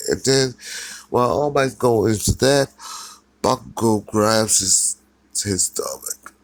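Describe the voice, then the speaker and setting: A man narrates a fan story slowly and casually, rambling along with fillers and restarts. His low, gravelly voice swings widely in pitch, recorded close and dry. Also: animated, no room sound.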